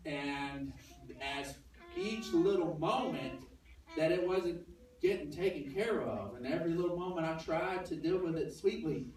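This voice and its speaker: A man's voice: on the high side, a little slow, a little mellow. A man preaching a sermon as pastor, telling a personal story in a conversational way and acting out the other people's lines. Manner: conversational storytelling, acts out dialogue. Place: church sanctuary. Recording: very echoey church from a distance.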